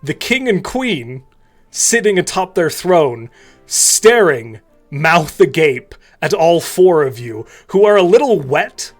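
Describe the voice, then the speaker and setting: A man's voice: a little high, sing-song, slow pace, faint music behind. A man running a tabletop game as game master, narrating scenes loosely with fillers like "um" and "like.".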